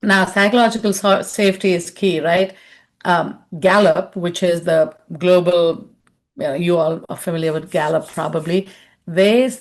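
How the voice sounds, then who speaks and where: A woman speaking in a webinar as a leadership consultant, with a mid-pitched voice. She moves through her points by telling personal stories, and she often checks in with her audience by asking "right?". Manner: chatty storyteller, tags lines with "right?".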